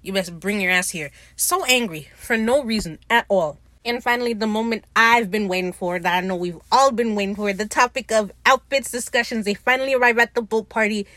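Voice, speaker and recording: A woman's voice: on the high side, brisk, hardly any pauses, fairly bright tone, no room sound. A woman hosting a podcast, giving a casual, slangy and profane recap of a TV episode. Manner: slangy, profane, retells scenes by acting out lines.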